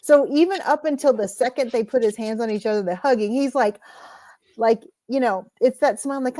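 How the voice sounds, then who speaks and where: A woman's voice: on the high side, fairly quick, dark tone, no room sound. A woman co-hosting a casual wrestling reaction podcast, talking animatedly and acting out quotes in playful voices. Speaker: podcast co-host.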